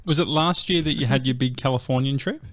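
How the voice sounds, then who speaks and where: A man's voice: mid-range voice, fast. A man with an Australian accent co-hosting a podcast, asking friendly follow-up questions. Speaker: podcast co-host. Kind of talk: casual interview questions.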